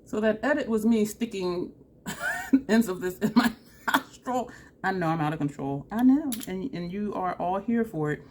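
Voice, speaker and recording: A woman's voice: mid-range voice, expressive, moderate pace, darkish tone. A woman chatting casually through a makeup tutorial, self-deprecating and laughing often, with a runny nose. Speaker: makeup vlogger.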